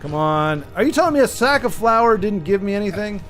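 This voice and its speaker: A man streaming a video game, giving live commentary in an excitable way and taunting the enemies aloud. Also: high voice, a little fast, faint music behind.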